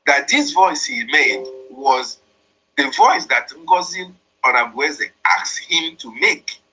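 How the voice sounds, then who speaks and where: Emphatic man with a husky voice. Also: mid-range voice, pushed and bright, rough recording. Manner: emphatic, repetitive, explains each line. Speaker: host interpreting a played voice message. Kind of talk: political commentary.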